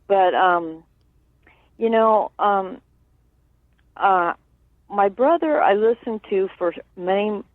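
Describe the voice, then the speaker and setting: A woman guest being interviewed, speaking earnestly and haltingly with many fillers and tag questions like "right?". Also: medium pitch, no room sound. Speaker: guest, sister of a late musician. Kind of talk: candid interview over the phone. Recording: dry tinny phone line.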